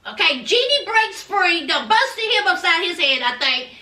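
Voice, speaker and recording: A woman recapping a TV episode in an animated casual chat, chatty and sassy, calling viewers child and honey. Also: very high-pitched, normal speed, distant mic. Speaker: TV recap vlogger. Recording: roomy echo, from off mic.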